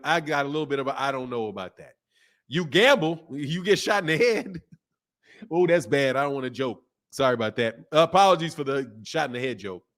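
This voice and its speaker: A man's voice: a little high, a bit bright. A man in his fifties hosting a boxing channel, talking in loose slangy live-stream chat and laughing often. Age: 50s.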